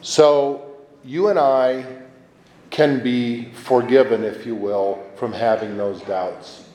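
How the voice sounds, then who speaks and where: A male priest gives a homily in a relaxed, conversational way, breaking into lively acted-out voices. His voice sits at an ordinary pitch. The sound is echoey, with a long reverb that rings through a large church. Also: slow pace, slight background noise. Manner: conversational, animated, acts out quoted voices.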